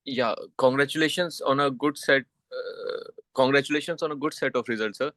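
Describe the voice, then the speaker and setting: A man with a mid-pitched voice calls in as an investor and asks a question. He speaks politely and deferentially. The sound is dry and close. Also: a little fast, fairly bright tone, no room sound. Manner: polite, deferential, saying sir. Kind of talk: call question.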